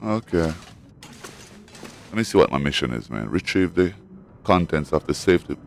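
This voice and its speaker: Man, deep voice, lively swings, excitable, profane gaming commentary, faint noise. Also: moderate pace, gravelly. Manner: excitable, profane trash talk; talks to his in-game dog. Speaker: gamer and streamer. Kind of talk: casual let's-play commentary.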